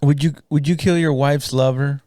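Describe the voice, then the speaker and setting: A man's voice: on the high side, fairly even intonation, moderate pace, dark tone, no room sound. Teasing podcast man, dry sound. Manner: blunt, teasing questions. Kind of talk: casual podcast banter.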